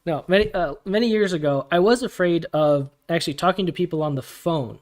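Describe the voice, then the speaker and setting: Man, livestream host, casual, relaxed, slightly high voice, chatty answers to chat questions. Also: brisk. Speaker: community AMA host.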